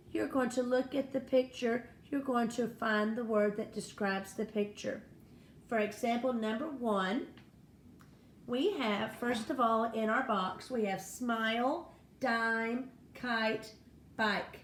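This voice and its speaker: Slow, patient woman teaching phonics. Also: fairly high pitch. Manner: slow, patient, encouraging teacher talk to young children. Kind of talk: first-grade phonics lesson. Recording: echoey room with faint noise.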